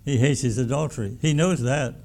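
A man preaching with a gravelly, fry-laden voice at an ordinary pitch. He talks in a homespun, emphatic way and doubles back on his words as he builds his points. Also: brisk, a little mellow. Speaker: pastor. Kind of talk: sermon.

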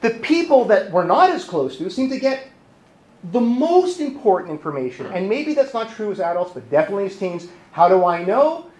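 Male therapist presenting, lively and funny, high animated voice, echoey hall, faint noise. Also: fairly quick. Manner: lively and joking, acts out voices. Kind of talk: humorous conference talk. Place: conference hall.

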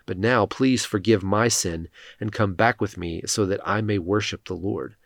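A man reading the lines of a defensive male king who pleads for pardon, in a solemn, steady reading. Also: on the low side, moderate pace, creaky, no echo, studio quality. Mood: pleading.

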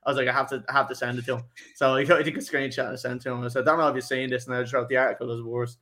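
Here a young man hosting a football podcast rattles off a rambling story in rapid-fire fashion, swearing and laughing a lot. His medium-pitched voice is sharp in tone, yet the delivery is flat.

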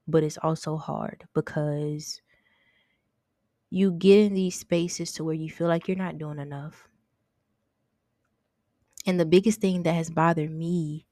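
A young woman with a lowish, dark voice hosts a relaxed faith podcast, speaking earnestly and openly as she confesses her thoughts and keeps looping back over what she's said. The recording is close and dry.

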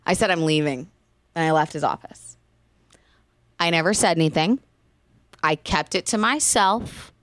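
A woman co-hosting a podcast in a somewhat low voice, speaking candidly and earnestly. Her delivery is plain and direct. The sound is dry and close, with no room echo. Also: measured pace, long pauses, fairly bright tone. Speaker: podcast co-host. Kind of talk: casual chat.

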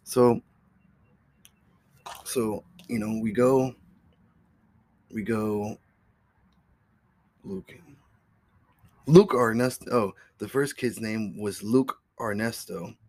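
Rambling, profane man, lowish voice. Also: slow, long pauses, darkish tone. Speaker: podcast host. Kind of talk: casual solo storytelling.

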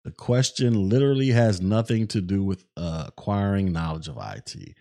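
A man's voice: sits low, lively intonation, normal speed, gravelly. A middle-aged man hosting a livestream podcast, reading chat messages aloud and getting angry and profane with a viewer. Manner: irritated, profane, rising to shouting. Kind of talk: livestream commentary.

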